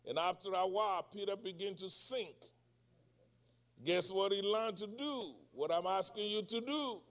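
Here a preacher in his sixties speaks in a high, fairly bright voice at a moderate pace. Through his sermon he puts call-and-response questions to the congregation and cries out in prayer.

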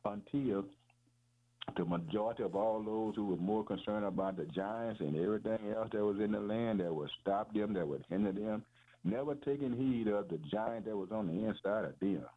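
A man's voice: lowish voice, moderate pace. A man preaching a fervent, repetitive sermon, calling his listeners "man" and "boy". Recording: tinny phone-like radio broadcast.

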